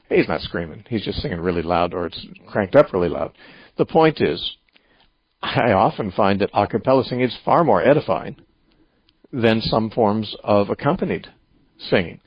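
A lower-pitched man hosting call-in radio and working through an answer in a measured, reasoning way. The sound is dry and a little dull, with no room echo. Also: breathy edge. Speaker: radio show host and Bible teacher.

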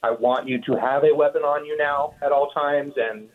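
A man's voice: on the high side, steady tone, normal speed. Hesitant male caller on a phone line. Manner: hesitant, searching for words with "um" and "you know". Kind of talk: phoned-in question on a radio show. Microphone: telephone. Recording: narrow telephone line.

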